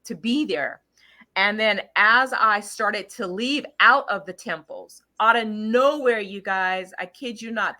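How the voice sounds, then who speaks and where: A woman's voice: medium pitch, bright, forceful tone. A middle-aged woman casually telling her viewers about a trip, rambling with lots of fillers and restarts. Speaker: channel host sharing travel story.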